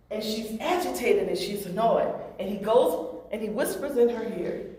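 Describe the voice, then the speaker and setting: A woman's voice: on the high side, animated, normal speed, a little mellow. A woman presenting to a public oversight board, telling a story and acting out the quoted voices. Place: large meeting room. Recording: echoey room from far off. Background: strong echo.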